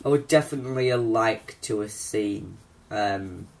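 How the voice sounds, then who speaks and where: A man's voice: on the low side, a little slow, gravelly. A young man hosting a homemade comedy talk show, hesitant and full of ums. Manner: hesitant, lots of ums and restarts. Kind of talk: amateur comedy chat.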